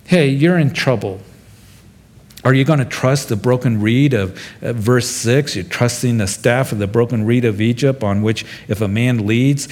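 A pastor delivers an expository sermon in a plain, conversational manner, speaking directly to his congregation. His mid-range voice is a little mellow.

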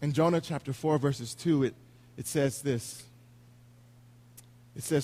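A man's voice: fairly high pitch, a little slow, dark tone. A man preaching a sermon in an earnest, confessional way, retelling scripture in everyday words.

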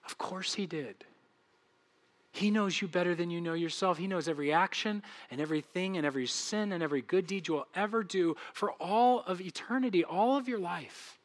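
A man preaching a sermon as pastor, animated, acting out little dialogues and swinging between loud and hushed delivery. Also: sits high, fairly quick.

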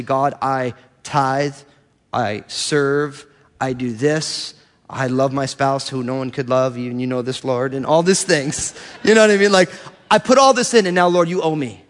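A middle-aged male pastor delivering an animated sermon, acting out the voices of churchgoers as he preaches in a church hall. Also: mid-range voice, unhurried.

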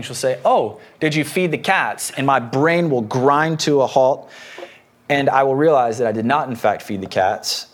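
A man preaching a sermon as pastor in a conversational way, explaining a passage with homely personal anecdotes. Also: mid-range voice.

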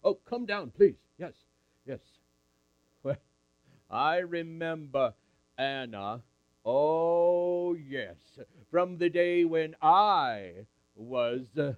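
A man's voice: on the high side, dry recording, narrow, tinny audio. A man at a camp meeting, telling a Bible story in character in the first person and calling up audience volunteers. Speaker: camp speaker.

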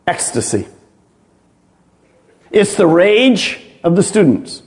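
Lively man preaching a sermon. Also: sits high, slow. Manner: emphatic preaching with rhetorical questions. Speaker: pastor.

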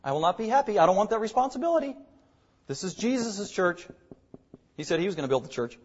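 High-voiced pastor teaching a sermon. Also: male voice, sing-song, fast, lo-fi sound. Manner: explanatory teaching, emphatic repetition.

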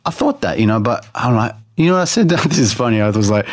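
A man's voice: mid-range voice, lively intonation, fast talker, hardly any pauses, dry recording, clean studio sound. A man telling a personal story in an interview, earnestly, with many restarts, acting out his own thoughts in quoted lines. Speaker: interview guest. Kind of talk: personal testimony in conversation.

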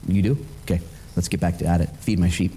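A male preacher voicing Jesus as a patient, gentle man, dropping into a low, quiet, insistent tone. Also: fairly even intonation, fast talker, a little hiss or hum, lightly acted.

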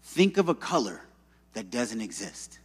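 A man's voice: lowish voice, big pitch swings, measured pace, breathy edge. A man preaching a sermon in a church, in a conversational, joking storyteller manner. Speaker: pastor. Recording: long reverb in a hall.

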